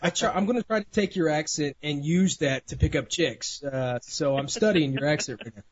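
A man's voice: fairly high pitch, a little fast, slightly rough. A man co-hosting a radio show, joking and teasing the guest in casual banter. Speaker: radio co-host. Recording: dull lo-fi radio sound.

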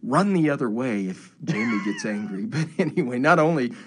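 A man's voice: mid-range voice, animated, normal speed, slight background noise. A man hosting a casual radio talk show, hyping guests in announcer style and joking with his co-host. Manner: hyped, announcer-style introductions with playful joking.

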